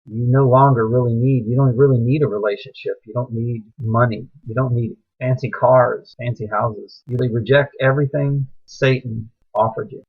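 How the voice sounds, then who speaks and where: A husky, middle-aged man talks in a preachy monologue, his voice climbing into agitated outbursts. His pitch sits at an ordinary middle level. The recording sounds dull and lo-fi. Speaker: speaker sharing religious views. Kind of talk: impassioned personal monologue.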